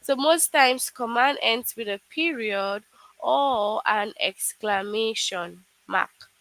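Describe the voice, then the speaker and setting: A woman's voice: fairly high pitch, slow pace, a bit bright, no echo, low-quality recording. A woman teaching a live online English lesson to children, explaining patiently step by step with frequent "okay"s.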